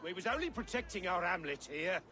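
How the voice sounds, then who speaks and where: An actor playing a rough, defiant village man in a video game, blunt and rough-spoken. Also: high-pitched, big pitch swings, fairly quick, pushed and bright, exaggerated voice.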